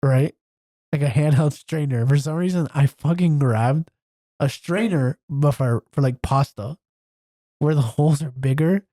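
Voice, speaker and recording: A man's voice: a little high, a little slow, dark tone. A young man co-hosting a podcast with a stuffy nose, telling rambling stories and laughing often. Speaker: podcast co-host. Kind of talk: casual chat.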